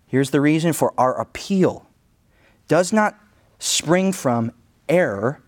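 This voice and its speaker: A man's voice: medium pitch, measured pace. A male pastor preaching a sermon in a conversational way, often restarting his phrases as he thinks aloud.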